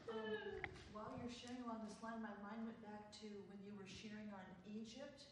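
A woman's voice: medium pitch, fairly even intonation, fairly quick. Distant, echoey woman asking a question. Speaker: study group participant. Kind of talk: asking a question in a Bible study. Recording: distant, very echoey room mic with ambient noise.

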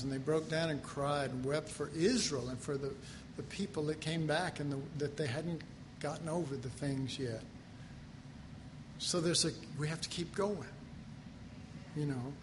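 A man preaching a folksy sermon, moving between loud declarations and hushed, quiet passages. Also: on the high side, big-room sound, noisy background. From Texas. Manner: folksy, self-deprecating, swings from loud to hushed.

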